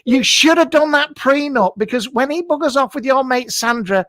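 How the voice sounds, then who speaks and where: A man's voice: extremely high pitch, expressive, normal speed, no room sound. A man playing a brash, camp middle-aged male TV psychic, blunt and rude, hosting a live show from a home garage. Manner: blunt, rude, mock-mystical, shouts greetings. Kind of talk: comic improvised live stream.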